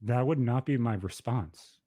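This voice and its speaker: A man's voice: mid-range voice, measured pace, warm tone, no echo. A man in his thirties telling a personal story on a podcast in a blunt, profane, emphatic way. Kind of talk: casual podcast conversation.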